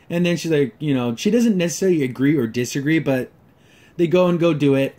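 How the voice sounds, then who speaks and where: A man's voice: a little high, fast talker, warm tone. A man hosting a casual episode review, ranting sarcastically and exasperatedly, full of fillers and restarts. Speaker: show reviewer.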